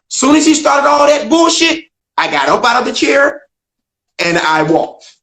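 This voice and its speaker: A man's voice: big pitch swings, moderate pace, a bit bright. An older man, a stand-up comedian, telling a story as a guest in an emphatic way, acting out dialogue. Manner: emphatic, acts out dialogue, swings pitch widely. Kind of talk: animated storytelling in a video interview. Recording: echoey room.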